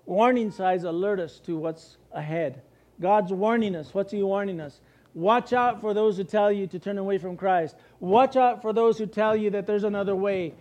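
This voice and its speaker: A middle-aged American pastor preaching with a raised, high-pitched voice. He fires off questions and answers them himself, and he slips into anxious little voices to make his points. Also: moderate pace, highs cut off. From United States. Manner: animated, asks and answers his own questions, acts out worried voices. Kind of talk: sermon.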